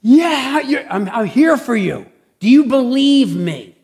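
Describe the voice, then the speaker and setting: Man playing God in a joke: calm, reassuring, gently questioning, slightly louder than his sermon voice. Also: very high voice, takes it slowly, pitched above the performer's own voice, full character voice.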